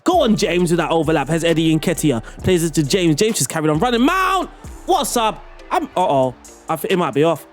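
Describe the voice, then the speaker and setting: A young man giving excitable, playful play-by-play commentary on a football management game, often laughing. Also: on the high side, fast, faint music behind. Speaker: gaming YouTuber.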